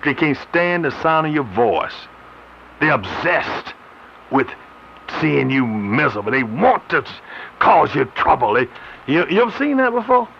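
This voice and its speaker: A man's voice: fairly high pitch, big pitch swings, a little slow, vocal fry. A man preaching a radio sermon, laughing often as he reads and explains scripture. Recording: slightly muffled radio broadcast with faint noise.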